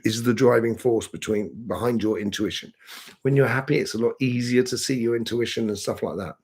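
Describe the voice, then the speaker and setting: A man's voice: mid-range voice, creaky, slightly rough. A man giving live tarot readings to viewers in a rambling, hesitant way, full of fillers and restarts. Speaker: tarot reader answering viewers.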